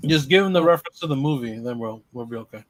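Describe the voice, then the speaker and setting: A man's voice: medium pitch, lively intonation, racing, a little hiss or hum. A man chatting casually on a livestream in loose, rambling sentences. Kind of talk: casual chat.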